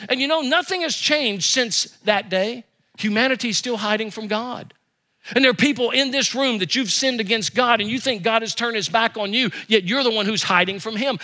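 A man preaching a sermon as pastor, with emphatic repetition and quick rises and drops. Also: extremely high pitch, sharp tone.

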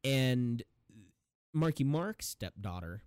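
A young adult man talks through a movie in a loose podcast chat. His voice sits at an ordinary middle pitch. He rambles, curses freely and laughs through his own story, and his voice is close and dry, with no room sound. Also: big pitch swings, takes it slowly, darkish tone, clear, resonant tone, no echo. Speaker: podcast co-host. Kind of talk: casual chat, retelling a movie scene.

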